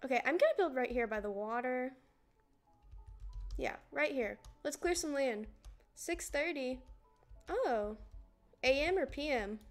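A chatty young woman talks to her viewers while she plays, rambling from one thing to the next in a fairly high voice. Faint music plays behind her. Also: lively intonation, measured pace, pauses often. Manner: chatty, rambling, often laughing, greeting viewers. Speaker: streamer. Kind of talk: casual livestream chat while gaming. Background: music playing.

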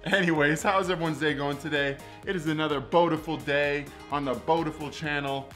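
A man in his twenties vlogs casually to the camera, jokey and playfully overdramatic. His voice sits on the high side with a steady, slightly bright tone, and he talks fairly quickly over faint background music.

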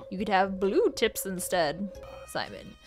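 A woman hosting a casual let's-play, chatty and excitable, gasping and reacting aloud as she plays. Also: mid-range voice, slow, faint music behind. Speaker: gaming channel host.

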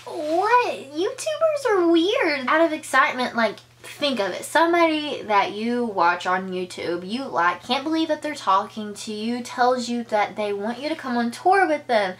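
A woman's voice: lively intonation, moderate pace, few pauses, a bit bright. A young woman telling a casual storytime on her vlog, chatty, full of filler words, and acting out the lines she quotes. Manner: chatty, filler-heavy, acts out quoted lines with big pitch jumps. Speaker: vlogger.

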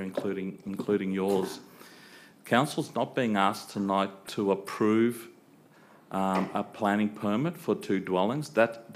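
A man answering as a council planning director, measured and explanatory with frequent ums. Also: on the low side, slight background noise. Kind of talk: formal official reply. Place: council chamber.

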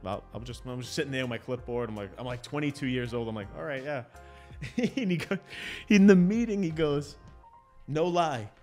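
A man in his forties co-hosts a podcast, speaking fast in a mid-range voice with faint music behind. He tells a story in casual chat as an animated storyteller, acting out the people he quotes.

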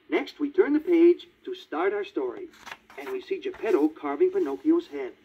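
A man narrating a read-along children's storybook in a lively, child-friendly way. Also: on the high side, moderate pace, husky. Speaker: storybook reader. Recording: tinny 1950s vinyl record.

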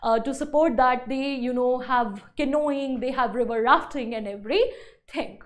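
A woman with an Indian English accent gives an online English lesson in a high, light voice. She explains each point by restating it in new words and leans on "you know" as she goes. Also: normal speed. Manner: explains by repeating and rephrasing, many "you know" fillers. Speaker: English teacher. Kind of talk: online class lecture.

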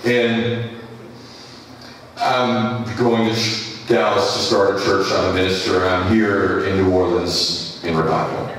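A pastor telling a rambling sermon story with many restarts. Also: male voice, sits low, little pitch movement, takes it slowly, a bit bright. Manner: rambling anecdotal delivery with restarts. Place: church. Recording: echoey church hall from a distance.

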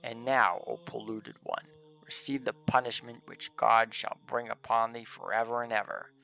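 A man's voice: medium pitch, moderate pace, creaky, sharp tone. A man voicing a fearless male martyr saint, reading his commands in solemn archaic English. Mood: commanding.

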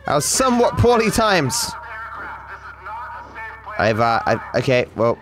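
A man's voice: medium pitch, very animated, a little slow, music in the background. An Australian man giving sarcastic, swearing live commentary on a game as a streamer, talking to his chat.

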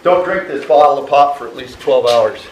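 A middle-aged man giving an outdoor hang gliding lesson, animated and mimicking instrument beeps. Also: brisk, echoey room, slight background noise, rough recording. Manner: animated, imitates vario beeps with rising pitch. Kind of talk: outdoor flying lesson talk. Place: outdoors at a mountain flying site.

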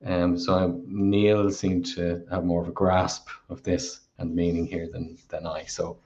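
An Irish man co-hosting a live Q&A, reading out viewer questions in an affable, measured way. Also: low-pitched, level tone, darkish tone, a little hiss or hum. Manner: affable, measured, reads questions aloud slowly. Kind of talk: casual live Q&A chat. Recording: dull lo-fi stream audio.

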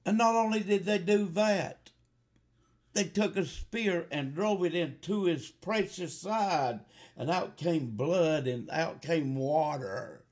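A man preaching a fiery revival sermon, slow at first and rising to loud, fervent appeals. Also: a little high. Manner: slow, building to shouted fervor.

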